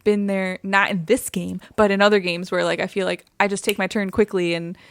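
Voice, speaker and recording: A woman's voice: mid-range voice, little pitch movement, brisk, gravelly, clear, resonant tone, no room sound. A woman co-hosting a casual podcast, reading listener reviews aloud and laughing often. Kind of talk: casual chat.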